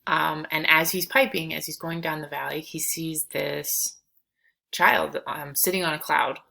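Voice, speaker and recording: A woman's voice: low-pitched, steady tone, unhurried, vocal fry, bright, forceful tone, low-quality recording. A woman teaching a poetry lesson, reading verse aloud and then explaining it casually with fillers.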